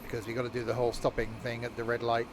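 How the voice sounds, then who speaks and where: A man's voice: medium pitch, completely flat delivery, rapid-fire, background noise. A tired man giving rambling, self-mocking commentary while streaming a train game, chuckling often. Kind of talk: casual live-stream commentary.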